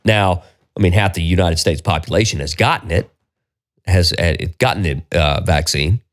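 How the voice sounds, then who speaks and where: A man's voice: deep voice, moderate pace. A man hosting a solo podcast, ranting with exasperation and plenty of profanity. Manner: profane, exasperated, animated rant. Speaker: podcast host.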